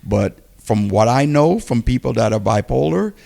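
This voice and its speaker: A man co-hosting a podcast, telling a story in a casual, animated way and acting out what people said. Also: medium pitch, normal speed, vocal fry. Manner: animated, acts out quoted speech.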